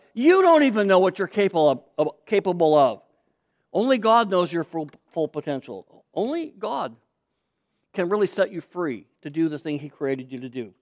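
A man with a notably high voice preaches a sermon from a stage mic. He drives his points home by repeating phrases and getting the crowd to answer back. His delivery is emphatic and built for a congregation. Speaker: pastor.

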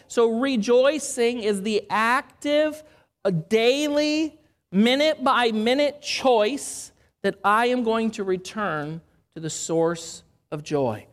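A woman preaching a sermon in an earnest, measured way, asking rhetorical questions. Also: on the high side.

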